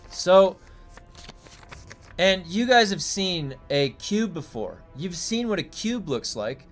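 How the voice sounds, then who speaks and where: A man on a live stream wanders through big questions in a loose, curious ramble, cursing casually as he goes. His voice sits a little high for a man. Soft music plays faintly underneath. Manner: rambling, curious, thinks aloud with swearing. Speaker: game streamer. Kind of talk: casual livestream musing.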